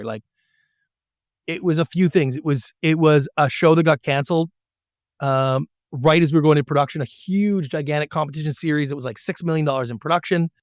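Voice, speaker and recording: A middle-aged man with a fairly high voice tells his story in an animated way. He jumps into little voices to act out emails and phone calls. The sound is close and dry. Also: no echo. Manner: animated storyteller who acts out quotes. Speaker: guest, former TV producer. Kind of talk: storytelling interview.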